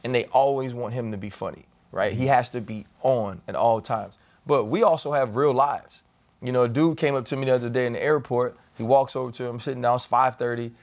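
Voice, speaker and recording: Male podcast host, mid-pitched, easygoing conversational storyteller. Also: fairly even intonation, fairly quick. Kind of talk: casual podcast chat.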